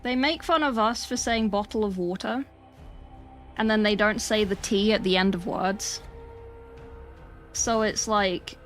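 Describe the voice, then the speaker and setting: A woman's voice: mid-range voice, a little slow, pauses often, soft background music. Chatty, sweary British woman streaming. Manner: chatty, sweary, deadpan joking asides. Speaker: livestreamer painting miniatures. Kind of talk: casual livestream chat reading chat messages.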